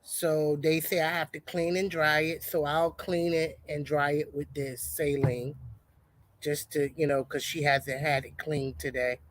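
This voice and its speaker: A woman chatting casually on a homestead livestream, greeting viewers and reading a product label aloud haltingly. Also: deep voice, steady tone.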